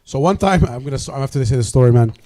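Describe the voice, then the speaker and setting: A man's voice: mid-range voice, lively intonation, rapid-fire, mellow, no echo. A man co-hosting a live comedy show, wisecracking and teasing the other comics.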